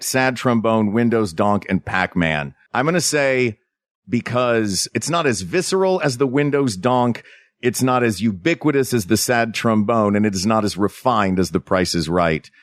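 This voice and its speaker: Dry deadpan man, low voice. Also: dry recording. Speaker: podcast co-host. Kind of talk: improvised comedy chat.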